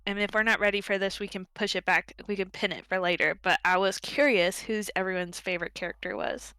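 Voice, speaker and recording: A woman leading a casual book club chat, animated and acting out characters' lines as she retells scenes. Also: medium pitch, fairly quick, smooth, no room sound.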